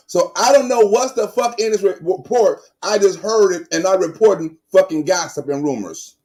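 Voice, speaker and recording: A man's voice: sits high, moderate pace, few pauses, a little mellow, a little hiss or hum. A man hosting a show, reacting to a news clip with heated, profane commentary and mocking repeats of what he hears. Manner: profane, ranting, mocking repetition of quotes.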